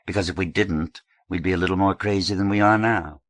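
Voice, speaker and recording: A man's voice: low-pitched, steady tone, fairly quick, fairly bright tone, no echo. A man voicing a blunt, curt young male gang leader in an audiobook.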